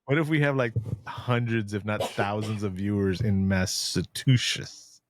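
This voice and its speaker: Blunt, ranting man with a low voice. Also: a little slow, a little hiss or hum. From San Antonio, Texas. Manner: ranting, blunt, swears freely. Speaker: podcast co-host. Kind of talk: casual chat.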